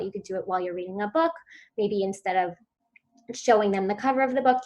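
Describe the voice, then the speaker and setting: Woman, mid-pitched, clear instructive presenter for a virtual conference talk. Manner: clear instructive delivery, models sounds for children. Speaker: speech therapy presenter.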